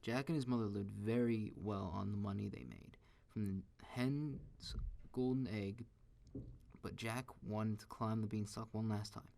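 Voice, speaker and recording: A man reading a children's story aloud in a steady, expressive way. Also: fairly low pitch, creaky.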